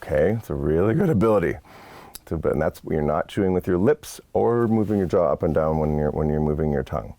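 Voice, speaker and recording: Deep gravelly man teaching horn. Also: expressive, fairly quick, mellow, no room sound. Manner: patient, explanatory, casual asides. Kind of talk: instructional lesson. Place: studio set.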